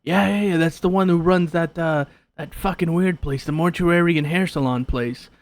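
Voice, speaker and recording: A man voicing an excited, foul-mouthed tavern patron who gushes and pleads. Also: a little high, moderate pace, natural voice. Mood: gossipy. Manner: gushing, crude, eager.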